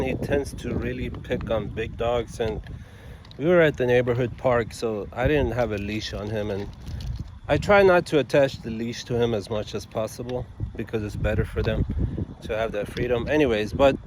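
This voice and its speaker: A man in the middle of an animated, rambling story, often restarting his sentences and adding asides as he goes. His pitch sits at an ordinary middle level. Faint traffic noise carries in from the street behind him. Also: normal speed. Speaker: attorney and vlogger telling a story. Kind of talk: casual storytelling to camera.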